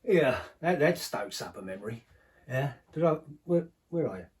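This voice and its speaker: A bitter old ex-henchman natters on in an audio-drama monologue, as a man plays him. His talk is rambling and confiding, full of sardonic asides. The voice is mid-pitched and sits back from the microphone. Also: expressive, moderate pace, distant mic, lightly acted.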